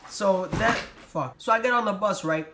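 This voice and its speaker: A man's voice: sits high, normal speed, background noise. A young man telling a storytime vlog in a profane, exasperated rant. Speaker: vlogger. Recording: roomy echo.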